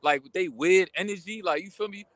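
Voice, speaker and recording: Animated young man venting a story. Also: high-pitched, dry recording. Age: young adult. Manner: animated, slangy, venting with quick asides. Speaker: vlogger. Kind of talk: casual storytime rant.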